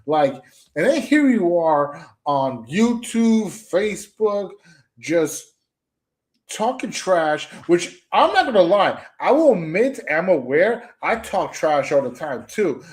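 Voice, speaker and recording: A man's voice: a little high, big pitch swings, unhurried. A young man ranting on a commentary stream, trash-talking with mocking jabs, stumbling restarts and repeated phrases.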